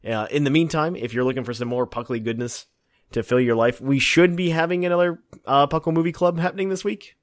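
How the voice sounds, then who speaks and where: A young man hosting a podcast, reading listener emails and chatting in a relaxed way with lots of fillers. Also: on the high side, brisk. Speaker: podcast host. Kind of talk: casual podcast chat and mailbag reading.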